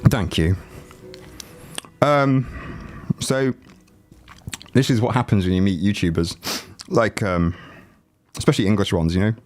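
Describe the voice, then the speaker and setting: Unhurried and prone to long pauses, a man with a voice on the low side livestreams from home while faint music plays. A chest cold makes him sound rattly as the YouTuber chats and jokes with viewers in a loose, rambling way, using a desk mic without headphones.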